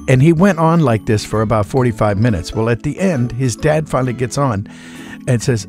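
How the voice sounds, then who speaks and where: A man in his sixties, a voice actor, chatting through an interview in a relaxed, folksy way. He sits at a middle pitch and drifts into stories. A faint guitar plays behind him. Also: normal speed. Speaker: voice actor guest.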